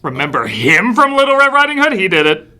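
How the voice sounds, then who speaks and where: A man's voice: sits high, huge pitch swings, brisk, pushed and bright. Sarcastic man narrating a film review. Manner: sarcastic, wry. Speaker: film critic. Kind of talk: comedic scripted review narration.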